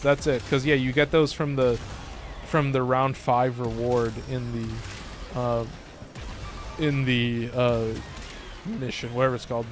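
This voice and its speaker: Laughing, rambling male game streamer. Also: medium pitch. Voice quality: rambling, joking, laughs often. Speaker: gaming streamer. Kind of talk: casual live-stream chat.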